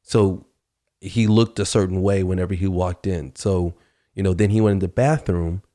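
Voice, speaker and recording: Podcast host, male, low mellow voice, chatty storyteller who acts out dialogue. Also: steady tone, moderate pace. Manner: conversational, acts out quoted dialogue, many fillers. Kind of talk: casual storytelling.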